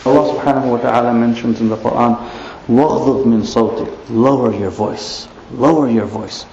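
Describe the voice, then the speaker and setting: A man giving an Islamic lecture, animated, asking rhetorical questions and tossing in playful asides. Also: medium pitch, very fast, slight background noise. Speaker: preacher. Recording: echoey muffled room recording.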